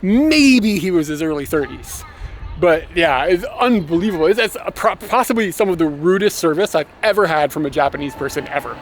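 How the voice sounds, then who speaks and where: A young man telling a story in a casual travel vlog, animated and swearing, laughing as he rants. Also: on the high side, a little fast, a little hiss or hum. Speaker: motovlogger.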